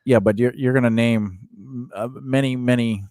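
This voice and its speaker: A man co-hosting a casual podcast chat, telling stories in a rambling, animated way with many restarts. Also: medium pitch, measured pace, dry recording, studio quality. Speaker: podcast co-host.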